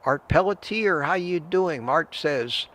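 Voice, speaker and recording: A man's voice: fairly high pitch, lively intonation, slow pace, fairly bright tone. An older man hosting a live stream, chatting casually, giving advice and greeting viewers by name. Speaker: livestream host answering viewer chat.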